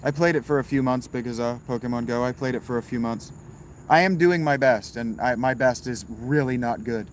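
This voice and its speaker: A man hosts a casual livestream and answers his chat in a laid-back, wry way, tossing in the odd curse. His voice sits at an ordinary pitch. Behind him there is a steady hiss with crickets chirping outdoors. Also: brisk, poor audio. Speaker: livestream host reading chat.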